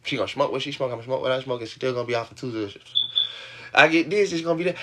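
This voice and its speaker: A man's voice: a little high, expressive, fast, fairly bright tone. A man venting to his livestream audience, rambling, laughing often and swearing, his voice jumping up when he gets worked up. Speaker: livestream host. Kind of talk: venting monologue to a live audience.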